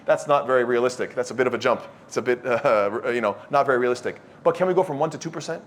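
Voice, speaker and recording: In a lecture-style sermon before a live youth study circle, a man bluntly scolds his listeners and quizzes them with questions. He has a medium-pitched, animated voice and moves at a quick pace with few pauses.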